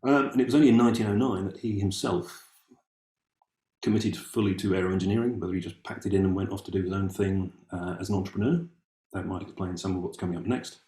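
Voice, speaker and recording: A man talks casually and wryly, thinking aloud with ums and restarts. His voice sits fairly low. The room around him rings with a clear echo. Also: fairly even intonation, fast talker, warm tone. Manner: musing, wry, with many ums and restarts. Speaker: amateur family historian presenting. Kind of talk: casual talk with read-aloud documents.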